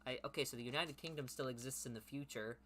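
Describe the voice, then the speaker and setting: A man's voice: medium pitch, fast talker, sharp tone, slight background noise. A man reading his old teenage story aloud and mocking it with sarcastic, profane commentary. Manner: sarcastic, self-mocking, swears.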